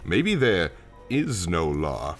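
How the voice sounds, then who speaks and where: A slow-speaking, menacing male scientist, voiced by a man in a comedic book reading. His calm delivery stays low-key yet moves through a lively, wide pitch range. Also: soft background music, full character voice. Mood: ominous.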